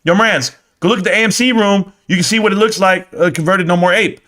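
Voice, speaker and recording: Brief: man live-stream ranter, high-pitched, profane, joking, rambling. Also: fast talker, fairly bright tone. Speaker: live-stream stock commentator. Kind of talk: casual live-stream rant.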